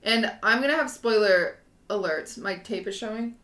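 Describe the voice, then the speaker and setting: A young woman in her twenties tells a story on a casual podcast, rambling in an animated way and full of fillers. Her voice is bright and clear, at a middle pitch. The room around her sounds echoey. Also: normal speed. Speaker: podcast co-host. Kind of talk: casual chat.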